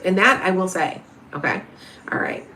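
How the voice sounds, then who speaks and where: A woman's voice: on the low side, lively intonation, normal speed, pushed and bright, a little hiss or hum. Rambling chatty woman in her fifties. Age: 50s. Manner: rambling, chatty, with frequent restarts and asides. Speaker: tarot reader and medium hosting a livestream. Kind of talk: casual livestream chat answering viewer questions.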